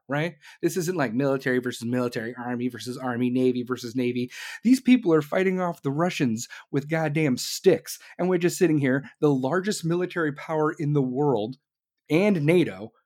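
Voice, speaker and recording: An American man rants angrily about politics, swearing at nearly every turn. His voice sits on the high side, and he keeps breaking into sarcastic, mocking asides. The delivery is loud, blunt and combative throughout. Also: moderate pace. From United States. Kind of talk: profane political rant.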